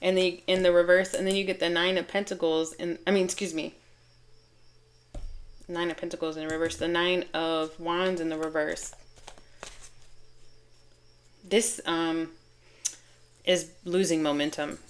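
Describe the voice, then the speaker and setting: A woman's voice: lowish voice, level tone, measured pace, pauses often. A woman giving a casual tarot reading to her viewers, chatty, laughing often and breaking off mid-sentence. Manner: chatty, laughing, self-interrupting. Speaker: tarot reader.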